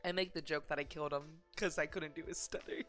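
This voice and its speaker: A woman's voice: low voice, fairly even intonation, fast, a bit bright, soft background music. A woman streaming a game live, chatting casually and self-deprecatingly with lots of fillers and giggles.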